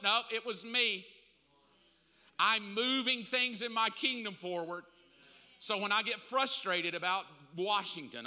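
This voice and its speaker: A man with a fairly high, very bright and cutting voice teaches a Bible lesson in a casual, conversational preaching style. He jumps from quiet asides to loud, emphatic bursts. His voice rings out with a long reverb in a large church hall. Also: normal speed. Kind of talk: sermon.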